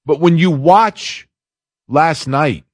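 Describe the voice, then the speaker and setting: A sports radio host with a fairly high voice takes his time, chatting casually and offering opinions as he rambles through a listener's email. The sound is dry and clean, studio quality.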